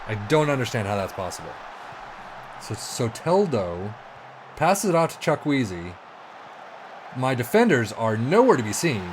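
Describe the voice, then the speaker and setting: A man giving excitable, exasperated let's-play commentary on a football management game, swearing and talking to himself as the match goes. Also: medium pitch, measured pace, pauses often, background noise. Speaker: video game streamer.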